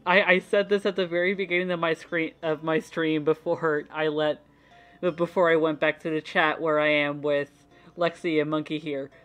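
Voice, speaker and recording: Young Midwestern woman streamer with a speech impediment; lowish voice, blunt casual talk over faint background music. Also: little pitch movement, moderate pace, fairly bright tone. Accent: Midwestern American. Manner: laughing, frank, swears freely.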